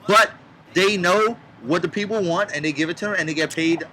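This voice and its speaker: A man's voice: sits high, fairly quick, sharp tone, slight background noise, poor audio. A man giving blunt, opinionated remarks in a casual chat outdoors in a backyard. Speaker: podcast co-host.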